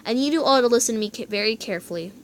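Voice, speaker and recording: A woman voicing a calm, urgent man who secretly protects the lovers, talking in a hushed, businesslike way. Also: on the high side, rapid-fire, slight background noise, lightly acted.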